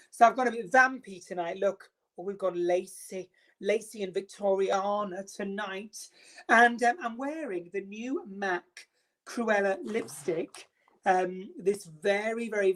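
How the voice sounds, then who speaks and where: A middle-aged woman hosting a makeup live stream, theatrical and self-mocking, greeting viewers by name. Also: mid-range voice.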